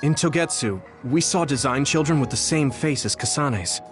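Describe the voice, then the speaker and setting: A man's voice: medium pitch, animated, normal speed, faint music behind, lightly acted. An actor playing an earnest, straightforward young man who speaks sincerely and plainly in a game cutscene.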